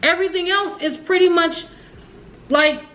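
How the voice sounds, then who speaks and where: A woman's voice: very high voice, steady tone, normal speed, fairly bright tone, highs cut off. Candid, rambling woman vlogger, echoey room sound. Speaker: family vlogger. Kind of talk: casual vlog storytelling.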